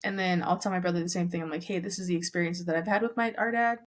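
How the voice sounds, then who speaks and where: A woman's voice: fairly low pitch, steady tone, racing, a little hiss or hum. A young woman from Southern California, a podcast guest chatting casually and filling her talk with "like". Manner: chatty, heavy use of "like", acts out family members' lines. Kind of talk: casual chat.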